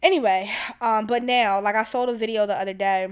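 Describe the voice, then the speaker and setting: A young woman in her twenties telling a story as a podcast host, animated and profane with many fillers. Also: on the high side, fairly quick, smooth. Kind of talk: casual storytelling.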